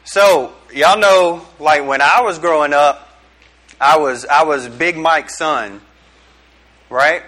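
A middle-aged man preaches to a small group in a loose, joking way. He keeps firing questions back at his listeners. His voice sits a little high and rings bright and forceful. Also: slow. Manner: joking, chatty, quizzes the audience. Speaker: youth pastor. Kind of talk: casual youth sermon.

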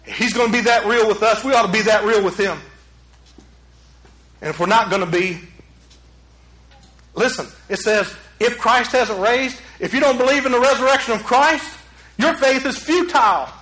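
A man preaching a sermon as a pastor, swinging from loud urgent peaks to hushed low passages. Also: normal speed, long pauses, echoey room, rough recording.

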